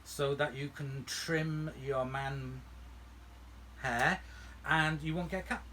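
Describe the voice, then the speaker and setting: A man's voice: on the high side, steady tone, slow pace, bright, forceful tone, a little hiss or hum. A man hosting a vacuum restoration channel, chatting casually from home in a playful, teasing way. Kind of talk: casual chat. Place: home room.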